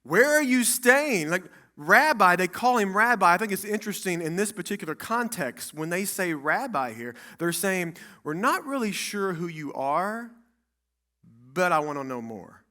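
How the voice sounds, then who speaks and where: A male pastor preaching in a church, with a bright, forceful voice that sits a little high for a man. He is emphatic and dramatic, and he drives his points home through repetition. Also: very animated, moderate pace. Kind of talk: sermon. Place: church sanctuary.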